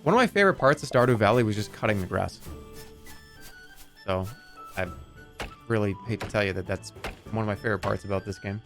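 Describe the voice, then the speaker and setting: Middle-aged guy streaming a game, jokey and swears a lot, super lively up-and-down voice, faint music behind. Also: lowish voice, a little fast, long pauses. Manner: animated, joking, swears casually. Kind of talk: casual gameplay commentary.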